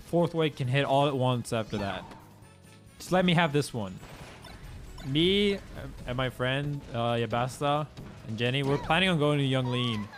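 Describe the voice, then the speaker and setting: A young man rambles casually to his stream viewers, talking in loose slang and cursing freely. His voice sits at a medium pitch. Faint music plays quietly behind him. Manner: laid-back and slangy, swears freely, loose rambling delivery.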